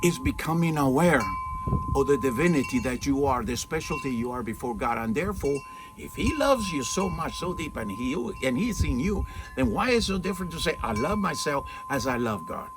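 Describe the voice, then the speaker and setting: A man's voice: fairly high pitch, big pitch swings, a little fast, music in the background. A man giving an earnest, informal spiritual talk outdoors in the shade. He often asks rhetorical questions and checks in with "okay?". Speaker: spiritual teacher. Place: outdoors in the shade at his home, with trees and mountains. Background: faint outdoor ambience with birds and wind chimes.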